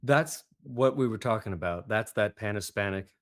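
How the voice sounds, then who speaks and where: A man's voice: fairly low pitch, normal speed. Man talking animatedly on a podcast. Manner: animated storyteller, lively asides. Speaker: accent coach guest. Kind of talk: casual podcast chat.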